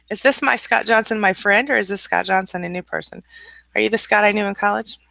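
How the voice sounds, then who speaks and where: A woman's voice: medium pitch, brisk, creaky, bright, forceful tone, no echo. A woman hosting a casual live-stream hangout, greeting viewers by name and reading their comments aloud. She says she is a little tired this morning. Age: adult with school-age children.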